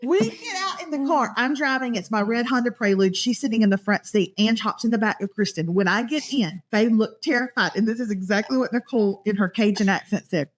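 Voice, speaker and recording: A woman's voice: on the high side, a little fast, few pauses. A woman hosting a podcast, telling stories to her friends in casual chat and laughing often. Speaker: podcast host. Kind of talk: casual storytelling among friends.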